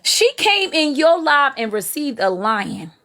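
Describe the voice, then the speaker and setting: A woman with a high voice hosts a live stream at a slightly slow pace, gleefully gossiping about other streamers. She's animated and uses drawling Southern Black vernacular phrasing.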